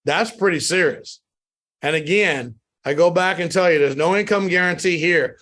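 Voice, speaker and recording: A man with a fairly high voice runs a sales training call. He speaks in an emphatic, repetitive motivational style, pressing the same points again and again. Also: moderate pace, a bit bright. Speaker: network marketing trainer.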